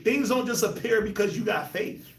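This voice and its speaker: A man's voice: high-pitched, normal speed, roomy sound, far from the mic, a little hiss or hum. A man hosting a casual Bible discussion, laughing often and talking in loose slang. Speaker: host of a Bible discussion show.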